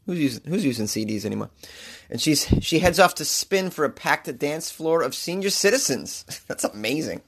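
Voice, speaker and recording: A man from Boston hosting a podcast, excitable and laughing often as he cracks crude jokes. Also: on the high side, normal speed, background noise. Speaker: podcast host. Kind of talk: casual comedic commentary.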